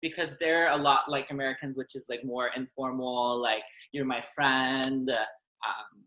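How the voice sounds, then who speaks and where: A woman's voice: very deep voice, steady tone, normal speed, a bit bright, roomy sound, a little hiss or hum, poor audio. A woman from Ontario with a Canadian accent, answering interview questions casually with many fillers and laughs. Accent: Ontario French-Canadian. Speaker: guest.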